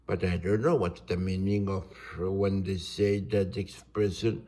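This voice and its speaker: Casting: island man, slow deliberate rant, low voice, indignant and halting. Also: steady tone, mellow. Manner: indignant, halting, restarts words. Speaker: vlogger. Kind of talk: ranting monologue.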